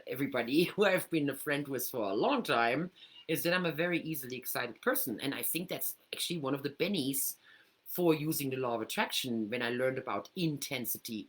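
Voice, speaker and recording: A middle-aged woman from Germany hosts a casual teaching talk from her home computer, animated and acting out inner voices. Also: extremely low pitch. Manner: animated, acts out inner voices with big swings. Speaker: host.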